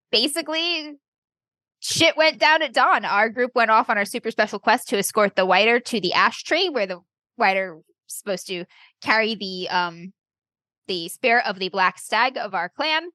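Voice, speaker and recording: A woman's voice: mid-range voice, measured pace, pushed and bright, dry recording. A woman casually recapping a tabletop game session, laughing and swearing as she goes. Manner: laughing, swearing, loose and joking. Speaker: player and co-host.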